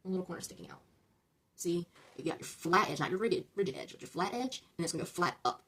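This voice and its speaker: Fast-talking husky woman giving step-by-step instructions. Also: on the low side, animated, a bit bright. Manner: talks viewers through each step, checking in with "okay?"; chatty, stumbles over numbers and corrects herself. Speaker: LEGO build-along host.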